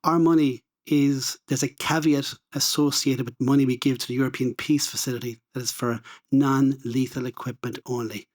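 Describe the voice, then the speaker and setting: A man's voice: mid-range voice, steady tone, moderate pace, hardly any pauses. A man with an Irish accent, speaking on a conference panel and answering bluntly and emphatically. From Ireland. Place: conference room.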